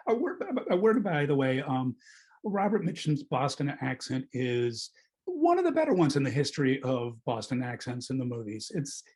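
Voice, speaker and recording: A middle-aged male film critic leading a relaxed film club talk. His voice is husky and mid-pitched, and he wanders through his points with pauses and self-corrections. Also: low-quality recording. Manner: discursive, hesitant, self-correcting. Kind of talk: casual film discussion.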